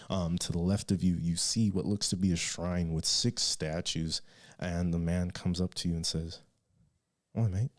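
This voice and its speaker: A man narrating as game master in a tabletop game, halting and restarting as he draws out his descriptions. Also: sits low. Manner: halting, with many fillers and restarts, drawn-out descriptions.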